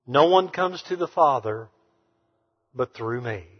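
A man preaching a sermon to a congregation, emphatic, swinging between hushed and loud passages. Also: mid-range voice, animated, unhurried, slightly rough. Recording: reverberant hall, dull sound.

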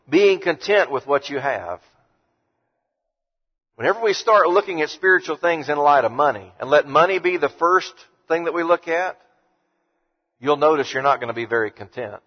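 A man delivers a sermon in an emphatic preaching voice, slowing to read scripture. His voice sits a little high, and the sound is muffled and lo-fi with a long hall reverb trailing behind him. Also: animated.

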